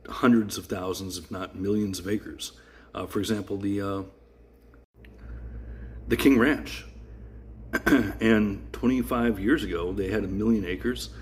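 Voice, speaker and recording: A man explaining his theory in a measured way, with a resentful edge. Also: lowish voice, darkish tone. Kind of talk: explanatory commentary.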